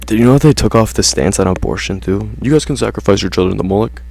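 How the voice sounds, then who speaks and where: A man's voice: lowish voice, quick pace, gravelly, a little mellow, a little hiss or hum. A man ranting casually to his viewers in slangy, profane talk, saying "bro" constantly. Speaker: vlogger. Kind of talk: casual rant to camera.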